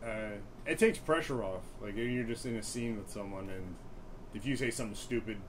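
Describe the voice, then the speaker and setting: A man's voice: lowish voice, moderate pace, background noise. A young man in his twenties, a stand-up comic being interviewed, who talks in a rambling, self-deprecating way full of fillers. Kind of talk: casual interview chat.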